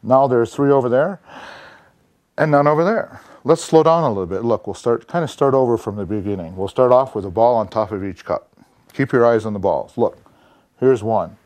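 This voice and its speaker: Chatty magician with dry, close sound. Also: male voice, on the low side, fairly quick, dry recording. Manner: relaxed, chatty showman's patter. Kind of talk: performing and explaining a magic routine.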